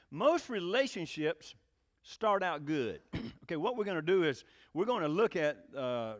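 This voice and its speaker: A man's voice: a little high, big pitch swings, measured pace. A man preaching a joking, folksy sermon, often rising into emphatic bursts. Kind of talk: sermon with jokes. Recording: long reverb of a hall.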